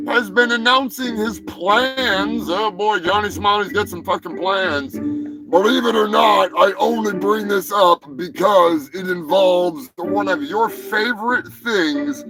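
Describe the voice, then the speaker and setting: A man hosting a live show, chatting casually, joking crudely, swearing and shouting now and then. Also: sits high, low-quality recording. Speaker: host. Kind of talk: casual live-stream chat. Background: music playing.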